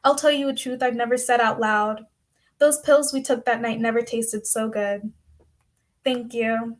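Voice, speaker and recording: A woman's voice: on the high side, moderate pace, background noise. A woman performing her own spoken-word poems in a poetry competition, with an intense, dramatic recitation. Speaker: poet competitor.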